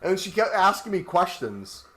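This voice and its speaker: A man's voice: high-pitched, sing-song, normal speed, fairly bright tone. A man chatting casually on a gaming livestream, rambling and joking while he walks on a walking pad. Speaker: gaming streamer.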